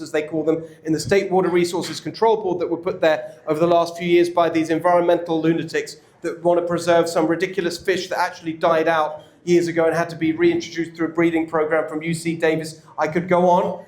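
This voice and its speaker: Man, English accent, high voice, emphatic campaign speech, echoey room. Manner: emphatic and energetic, quick restarts. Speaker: political candidate speaking at a club event. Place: indoor event room with an audience.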